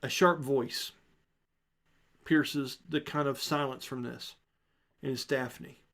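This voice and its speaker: A man narrating a tabletop game as game master, relaxed and improvising with fillers. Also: medium pitch, slow pace.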